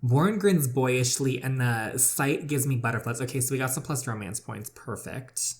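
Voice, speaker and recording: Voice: medium pitch, moderate pace. A let's-play gamer reading a romance story game aloud with sassy, chatty commentary.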